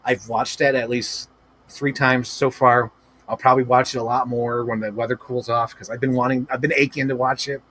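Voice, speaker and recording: A man hosting a livestream, talking in excited, rambling casual chat full of swearing and filler words. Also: medium pitch, normal speed. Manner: gushing, profane, rambling with many "like" fillers. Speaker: livestream host.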